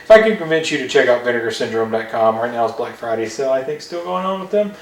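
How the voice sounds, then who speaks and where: A man's voice: mid-range voice, animated, fast. Rambling man in a roomy basement. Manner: rambling, hesitant, repeats words. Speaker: podcast host. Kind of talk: casual movie review chat. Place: home basement room. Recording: roomy, distant mic, faint hum.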